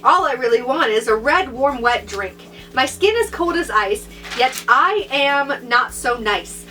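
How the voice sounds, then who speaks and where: A woman's voice: sits high, lively intonation, measured pace, pushed and bright, distant mic, soft background music, full character voice. A woman voicing a mocking male vampire villain who taunts in rhyme, in a storybook reading. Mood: menacing.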